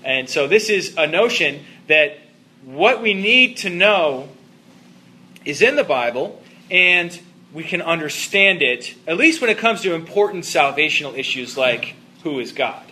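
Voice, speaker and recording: A man teaches a class in a loose, chatty lecture style, often asking his listeners if they follow. His voice sits a little high and sounds bright and pushing. He speaks to a live audience in the room. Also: animated, measured pace. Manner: conversational, checks in with listeners, frequent fillers. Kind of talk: informal lecture.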